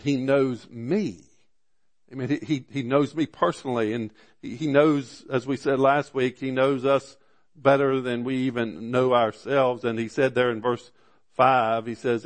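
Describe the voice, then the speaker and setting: Male pastor, sermon delivery, rhetorical questions, stumbles and repeats, stretches out quoted verses. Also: medium pitch. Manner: preacher with frequent "amen" and rhetorical questions; slows down to stress scripture quotes.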